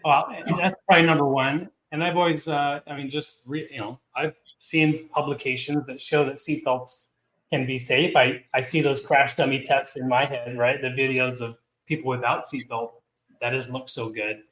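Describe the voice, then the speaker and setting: Guy hosting an interview, mid-pitched, slow and measured, echoey room. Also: little pitch movement, a bit bright. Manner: measured, hesitant with fillers. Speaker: interview host. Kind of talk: interview questions.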